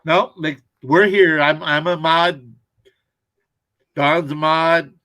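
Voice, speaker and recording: Helpful man with a slightly high voice. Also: fairly even intonation, takes it slowly, pushed and bright. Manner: helpful, explaining settings, repeating himself. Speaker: stream moderator. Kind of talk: casual chat on a group video call.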